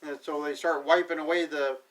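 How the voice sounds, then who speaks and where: A man with a slightly high voice runs through an episode recap, dry and sarcastic, tossing off loose paraphrases of what everyone says. He sounds set back from the microphone, so the voice carries a little distance. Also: steady tone, moderate pace, fairly bright tone. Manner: sarcastic, paraphrases characters offhandedly. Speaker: TV episode reviewer.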